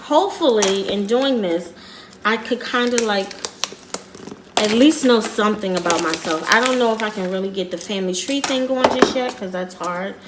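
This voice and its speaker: Middle-aged woman vlogger, mid pitch, loose and rambling delivery, faint noise behind. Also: moderate pace. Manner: rambling, repeats herself, quietly earnest. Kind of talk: casual vlog storytelling.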